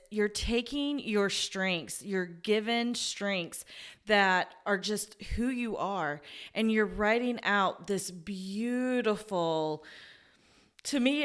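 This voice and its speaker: A woman's voice: mid-range voice, smooth. A woman career coach as interview guest, earnest and enthusiastic, telling stories about her clients and laughing easily. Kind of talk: conversational interview.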